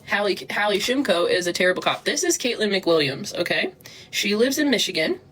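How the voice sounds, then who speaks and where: A young woman livestreaming, talking fast and agitated, swearing and replying to chat comments. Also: mid-range voice, lively intonation, fairly bright tone, slightly rough. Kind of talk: livestream rant.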